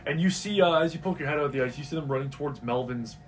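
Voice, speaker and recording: A man's voice: fairly high pitch, very fast. A man running a tabletop game as game master, describing scenes in a casual way. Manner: casual, describing scenes and voicing side characters. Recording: distant mic with faint noise.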